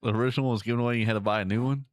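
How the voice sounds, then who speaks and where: A man's voice: mid-range voice, fairly even intonation, rapid-fire, slight background noise. A man co-hosting a casual chat, mostly giving brief replies and laughing along. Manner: brief back-channel replies, laughs easily. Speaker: podcast co-host listening.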